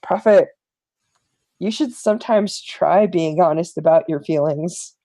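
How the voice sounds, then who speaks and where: A woman's voice: lowish voice, unhurried, voice pushed down. Woman playing an awkward, earnest woman pilot. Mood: gentle. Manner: careful, gentle, plainspoken.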